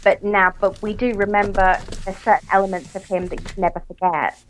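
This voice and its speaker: A woman's voice: mid-range voice, fairly even intonation, fairly quick, low-quality recording. Dry Southern English woman. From England. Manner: dry, self-mocking, laughs often. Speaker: podcast co-host. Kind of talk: casual book chat.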